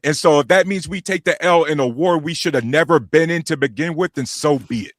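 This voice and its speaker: A man cutting into a live online debate with insistent, loud remarks. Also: on the high side, a little fast, no room sound, studio quality. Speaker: debate guest.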